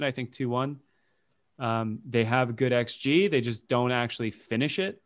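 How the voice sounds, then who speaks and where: A man co-hosting a sports podcast in casual chat, rambling and correcting himself as he goes. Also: medium pitch. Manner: rambling, self-correcting, quick to laugh. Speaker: podcast co-host.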